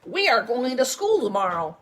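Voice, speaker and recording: A woman's voice: a little high, very animated, normal speed, a bit bright. A woman voicing a stern grown man farmer who lays down rules in a firm, announcing tone.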